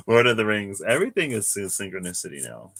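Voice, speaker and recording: A man's voice: on the low side, huge pitch swings, normal speed, fairly bright tone, breathy edge. A man doing a casual live tarot reading, chatty and given to laughing and wandering off into asides. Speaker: tarot reader.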